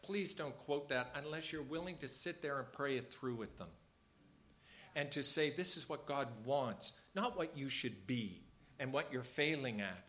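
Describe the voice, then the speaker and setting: A man's voice: mid-range voice, a bit bright. A man leading a small church service, talking informally and earnestly and repeating phrases for emphasis. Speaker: church leader.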